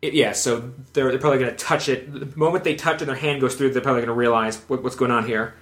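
A man's voice: medium pitch, steady tone, fast, a bit bright. A man playing a tabletop game, working out spell rules aloud and chuckling often. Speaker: player. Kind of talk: casual game table chat.

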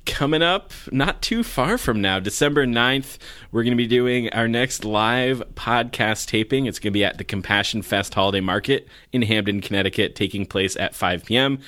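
A man's voice: medium pitch, normal speed, pushed and bright, no room sound. A man co-hosting a casual podcast, upbeat and jokey as he reads out announcements. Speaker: podcast co-host.

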